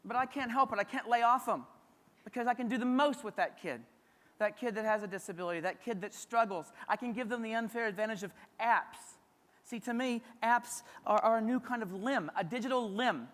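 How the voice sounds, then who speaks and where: A man's voice: very high voice, a little fast, a bit bright. Rousing man speaking in a hall. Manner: punchy, rousing, talks straight to the audience. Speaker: keynote speaker. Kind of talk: motivational conference keynote. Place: large conference hall. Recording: long hall reverb.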